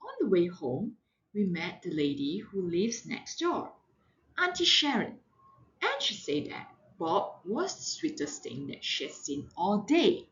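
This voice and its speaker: A woman, a mother, reading a children's storybook aloud in a slow, very expressive, sing-song way. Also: fairly low pitch, highs cut off. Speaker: mother reading to her daughter.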